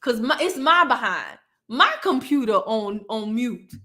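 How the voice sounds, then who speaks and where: A woman's voice: on the high side, big pitch swings, measured pace, sharp tone. A woman, hosting a live stream, chatting casually with her viewers and laughing often.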